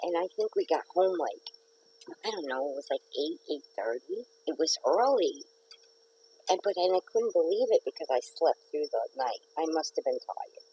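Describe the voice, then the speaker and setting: A woman's voice: low voice, expressive, moderate pace, dark tone, slight background noise, low-quality recording. A middle-aged woman hosting a casual live stream from home, chatting and rambling to viewers and greeting commenters by name. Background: neighbor's dog barking.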